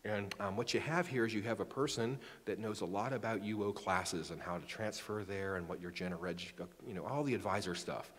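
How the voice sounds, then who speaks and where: Casting: man in his forties, low-ish voice, public lecture, reverberant hall. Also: fairly quick, hardly any pauses, a bit bright, husky. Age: 40s. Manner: chatty, self-joking, many restarts. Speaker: astronomy lecturer. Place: lecture room.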